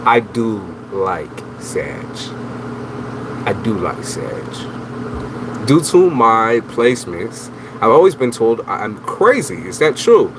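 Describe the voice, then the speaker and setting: A man of middle pitch reads tarot live for his viewers. He talks in loose slang and teases them. A steady hum of background noise runs under his voice. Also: takes it slowly. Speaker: tarot reader, livestream host. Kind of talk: casual livestream chat.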